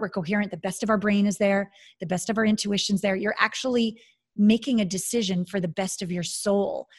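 A woman hosting a casual conversation, talking with enthusiasm and acting out inner voices. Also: mid-range voice.

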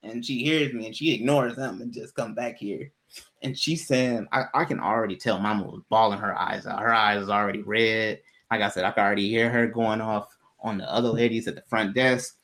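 In casual podcast chat, a man animatedly tells a personal story at a brisk clip, laughing often and jumping high in pitch whenever he quotes himself.

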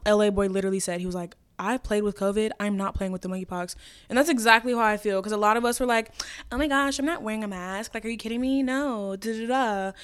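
A woman's voice: mid-range voice, clear, resonant tone. A young woman hosting a solo podcast, chatting casually and gushing, with some swearing. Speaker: podcast host.

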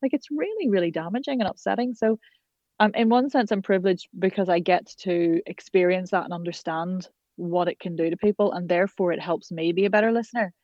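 Woman coach, passionate and flowing, lowish voice, dry and slightly dull recording. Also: a little fast, darkish tone, dry recording. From Ireland. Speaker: accent coach. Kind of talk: podcast conversation.

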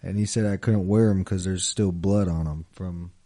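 Low mellow-voiced young man. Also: steady tone, moderate pace. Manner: laid-back storyteller, profane. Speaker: podcast co-host. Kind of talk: casual chat.

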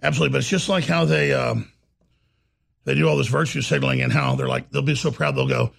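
A man's voice: mid-range voice, steady tone, quick pace, vocal fry, fairly bright tone, husky. A male co-host bantering and joking with the host in a political talk show.

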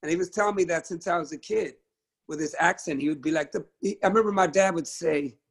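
Middle-aged male musician guest, husky and a touch high-pitched, speaks with fiery conviction and free swearing over a video call. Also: fast talker. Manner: passionate, emphatic, swears freely. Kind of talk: candid conversational interview.

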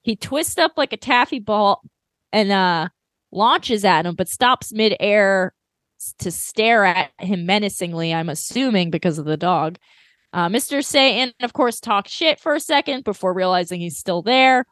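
A woman co-hosting a podcast, recapping an anime episode in casual, animated chat full of laughs and fillers. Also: mid-range voice, normal speed, no room sound, clean studio sound. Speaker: podcast co-host.

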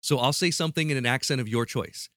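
A man's voice: mid-range voice, a bit bright, no echo, studio quality. Playful male podcast quiz host. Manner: playful, joking, quick to laugh. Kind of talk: casual podcast chat.

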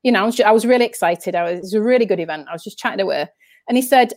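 A woman's voice: mid-range voice, very fast, a little mellow, no room sound. A woman with a northern English accent, telling stories as an interview guest in a rambling, chatty way that keeps restarting sentences. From northern England. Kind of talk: casual interview chat.

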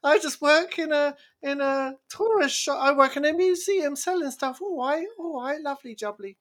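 A man putting on an exaggerated cheery cockney London voice as a joke caricature. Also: normal speed. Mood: cheeky. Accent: stereotyped London cockney. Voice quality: high, loud, jokey caricature.

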